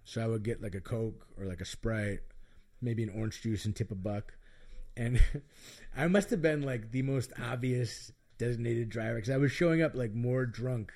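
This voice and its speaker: Middle-aged dude rambling casual, candid and self-mocking, medium voice. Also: male voice, mid-range voice, moderate pace, a little mellow. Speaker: podcast guest storyteller. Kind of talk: casual chat.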